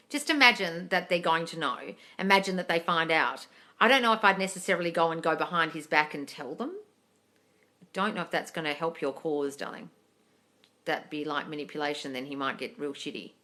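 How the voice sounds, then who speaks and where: A bright, forceful woman talks straight into her phone on a live stream, reading out viewers' comments and answering them herself. She is blunt and sweary, scolds people freely, and calls everyone darling. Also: medium pitch. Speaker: manifesting coach answering live chat questions.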